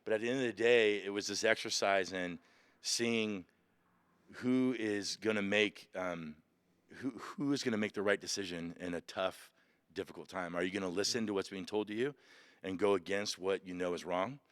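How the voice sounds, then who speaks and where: A man recounting his Marine boot camp experience as a podcast guest, animated and emotional, acting out shouted orders. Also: fairly low pitch, normal speed, smooth, no echo. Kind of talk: emotional storytelling. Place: museum.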